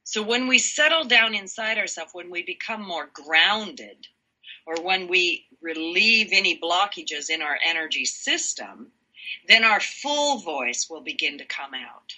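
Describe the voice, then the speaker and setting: Woman guest, lowish pitch, very bright and husky, reflective with lots of fillers. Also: expressive, measured pace, low-quality recording. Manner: reflective, explains with examples, frequent fillers. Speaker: guest, voice and energy workshop leader. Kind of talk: casual interview chat.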